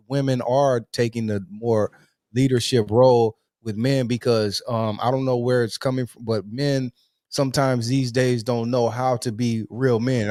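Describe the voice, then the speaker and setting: A man's voice: medium pitch, darkish tone, no room sound, clean studio sound. A man hosting a live interview show, talking casually and reassuringly with repeated phrases. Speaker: host.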